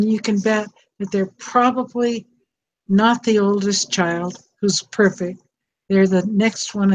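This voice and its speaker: A woman's voice: medium pitch, a little mellow, slight background noise. An older woman telling a personal story about being a grandmother, in an earnest, heartfelt way, over a call microphone with an echo. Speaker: speaker on estranged parents. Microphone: online call microphone with echo.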